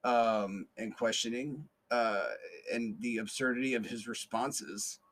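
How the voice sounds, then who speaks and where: A man's voice: medium pitch, fairly even intonation, unhurried, a bit bright. A man hosting a podcast, telling a story in a rambling, casual way with many fillers, restarts and curses. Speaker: podcast host.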